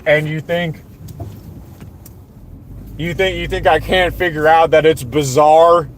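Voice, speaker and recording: Streamer type: young Southern man from Florida, mocking and sarcastic, slightly high voice, repeats lines for effect. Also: steady tone, takes it slowly, slight background noise. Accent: Southern American. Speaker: livestream host. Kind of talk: ranting livestream monologue.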